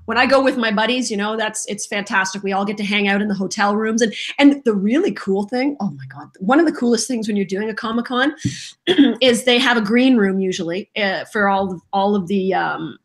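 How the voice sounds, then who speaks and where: A middle-aged woman, a voice actress, telling stories in a lively, self-deprecating way during a casual interview. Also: mid-range voice, brisk. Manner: animated, self-deprecating storyteller. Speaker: voice actress guest.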